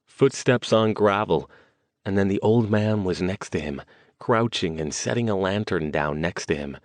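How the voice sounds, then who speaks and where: A man reads an audiobook in a measured, even storytelling way. His voice is very low and the recording is dry and close, with no room sound. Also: no echo. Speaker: audiobook narrator. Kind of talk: scripted narration.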